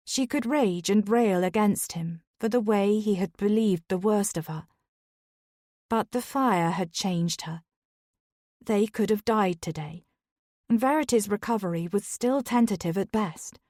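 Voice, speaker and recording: A woman narrating a historical romance in a measured, emotive reading. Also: medium pitch, a little mellow, no room sound, clean studio sound. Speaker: audiobook narrator.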